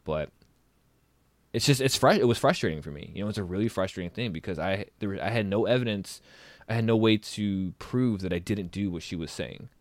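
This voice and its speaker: A man's voice: lowish voice, a little fast, no echo. A man co-hosting a livestream, talking in an earnest, rambling way and often restarting his thoughts. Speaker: stream co-host. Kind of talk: casual chat on a livestream.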